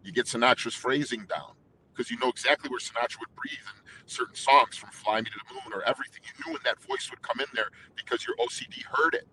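Bright, intense man telling stories. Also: mid-range voice, sing-song, slight background noise, rough recording. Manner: intense, rapid, talkative with many restarts. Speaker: guest singer. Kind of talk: casual interview storytelling.

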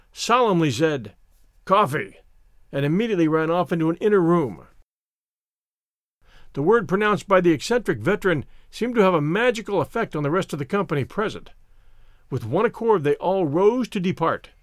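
A man reading a classic story aloud as narrator, in an expressive, dramatic way. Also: fairly high pitch, dry recording, clean studio sound.

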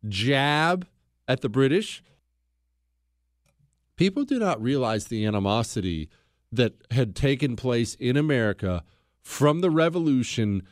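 A man's voice: on the high side, no echo, studio quality. A man hosting a talk show, giving an emphatic, blunt history monologue and repeating phrases for stress.

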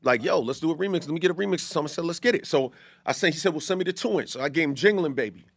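A man, a guest in an interview, telling stories in a relaxed, casual way and often checking in with his listener. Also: fairly high pitch, gravelly, dry recording, clean studio sound. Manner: fast, laid-back, peppered with "you know what I'm saying".

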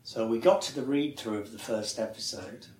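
A man's voice: mid-range voice, normal speed, slight background noise. Guy spinning an anecdote, does little voices for the quotes, laughs a lot, echoey room. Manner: animated storyteller, acts out quoted voices, laughs often. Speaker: actor guest. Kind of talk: anecdotal interview chat.

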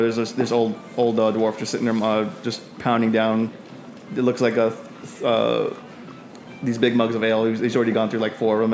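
A man as game master narrating a tabletop game, with halting delivery and many fillers. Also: medium pitch.

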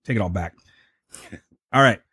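A man's voice: on the low side, husky. A man hosting a podcast, chatting casually and joking with his guests. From United States. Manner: fast, animated, joking. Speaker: podcast host. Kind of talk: casual chat.

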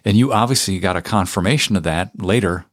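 A man's voice: low voice, quick pace, no echo, studio quality. A man hosting an interview, giving brief reactions and asking follow-up questions. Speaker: interview host.

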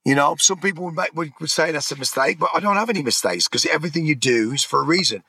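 A man's voice: on the high side, animated, fast, sharp tone, breathy edge, no echo. A middle-aged man from England telling his life story in a candid, rambling interview, swearing freely and restarting his sentences. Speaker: interview guest.

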